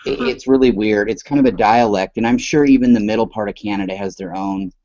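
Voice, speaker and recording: Co-host, male, very low voice, loose rambling chat, dull dry lo-fi sound. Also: a little fast, warm tone. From American West Coast. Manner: rambling, loose, swears casually. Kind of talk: casual chat.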